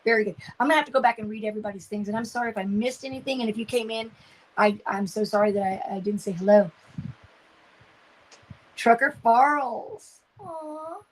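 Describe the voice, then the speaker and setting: A woman's voice: mid-range voice, brisk, slight background noise, rough recording. An older woman, hosting a casual craft livestream, chatting and reading viewer comments as she works. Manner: chatty, reads viewer comments aloud, trails off searching for words.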